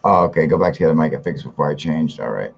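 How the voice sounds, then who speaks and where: A man's voice: very deep voice, expressive, racing, vocal fry, breathy edge, lo-fi sound. A man hosting a live stream in casual chat, talking loosely and profanely, chuckling often and greeting viewers by name. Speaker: livestream host.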